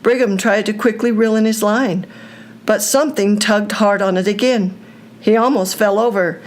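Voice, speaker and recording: An older woman reading a children's story aloud, with a slow, deliberate storytelling delivery. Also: medium pitch, steady tone.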